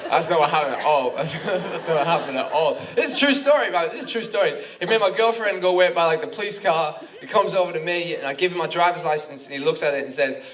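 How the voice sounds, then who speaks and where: A man's voice: fairly high pitch, lively intonation, quick pace, hardly any pauses, a crowd in the background. A young Australian man doing a rambling stand-up comedy set, full of filler words, with bursts of frantic ranting. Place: comedy club stage with laughing audience. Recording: noisy live club recording from a distance.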